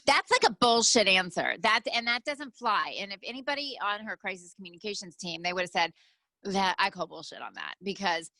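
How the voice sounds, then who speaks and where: Blunt, bright-voiced female podcast co-host. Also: mid-range voice, lively intonation, fairly quick, no room sound. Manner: blunt, opinionated, hesitant fillers. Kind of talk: casual bickering chat.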